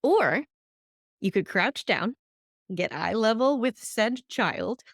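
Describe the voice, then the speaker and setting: A woman hosting a solo podcast, teaching in an animated way and acting out the voices she quotes. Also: a little high, takes it slowly, no echo, clean studio sound. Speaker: podcast host.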